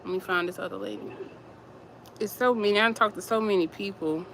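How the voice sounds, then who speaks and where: A woman's voice: medium pitch, a little fast, a bit bright, a little hiss or hum, low-quality recording. A woman vlogger, telling viewers about strangers asking her for help, emotional and rambling, repeating herself. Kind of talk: casual storytelling to viewers.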